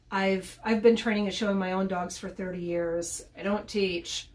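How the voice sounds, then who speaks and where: Middle-aged lady doing a casual how-to vlog, chatty, mid pitch, keeps restarting words. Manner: chatty, often repeats words as she restarts. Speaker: podcast host and dog trainer.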